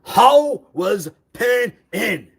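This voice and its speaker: A man talks on a live stream in a high, husky voice that swings widely in pitch. He keeps repeating himself and fires one accusing question after another. His delivery is slow and demanding. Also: expressive. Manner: repetitive, insistent. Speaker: livestreamer.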